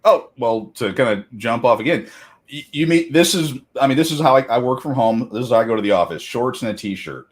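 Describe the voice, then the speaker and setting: A man's voice: medium pitch, expressive, fairly quick. A middle-aged man co-hosting a podcast, telling rambling, self-deprecating stories in casual chat. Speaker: podcast co-host.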